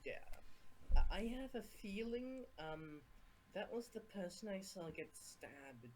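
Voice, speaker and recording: A woman's voice: medium pitch, expressive, unhurried, darkish tone, slight background noise, poor audio. A woman playing a tabletop role-playing game, stumbling and searching for words. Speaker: player. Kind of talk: casual tabletop play.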